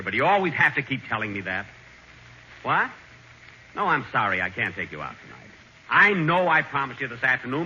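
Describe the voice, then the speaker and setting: A man playing a vain, self-satisfied glamour boy in a 1940s radio comedy, boasting in a dry, deadpan way. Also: mid-range voice. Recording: muffled hissy 1940s radio broadcast.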